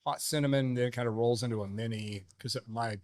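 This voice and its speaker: A man co-hosting a casual podcast, talking in a relaxed, rambling way with many pauses. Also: mid-range voice, dry recording. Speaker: podcast co-host. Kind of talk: casual chat.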